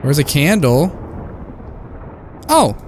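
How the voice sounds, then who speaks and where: Young man, let's-play commentary, lively pitch, swearing, faint game noise. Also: extremely slow. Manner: jokey, swearing, easily startled. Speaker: gaming YouTuber.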